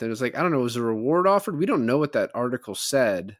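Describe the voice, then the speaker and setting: A man's voice: mid-range voice, very animated, fast talker, hardly any pauses, dry recording, studio quality. A man co-hosting a podcast, casually recapping a film and quoting its lines in a rambling way. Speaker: podcast co-host. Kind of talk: casual movie recap chat.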